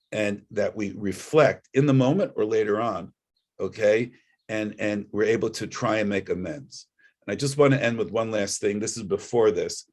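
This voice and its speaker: Low-voiced man telling a personal story. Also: a little mellow. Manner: rambling, with repeated restarts. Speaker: guest speaker. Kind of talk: personal reflection talk. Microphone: video call.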